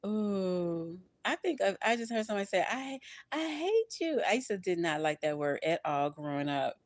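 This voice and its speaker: Older woman, tarot reader, low voice, expressive, preachy, affectionate pet names. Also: brisk, no room sound. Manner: expressive, preachy, laughs often, calls listeners honey and baby. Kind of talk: livestream tarot reading.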